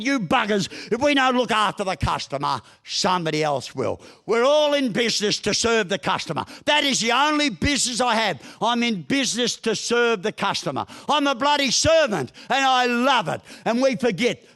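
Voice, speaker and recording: A middle-aged Australian business speaker delivers a humorous keynote, spinning folksy yarns with blunt, mild swearing. His voice is a bit bright and sits fairly high for a man.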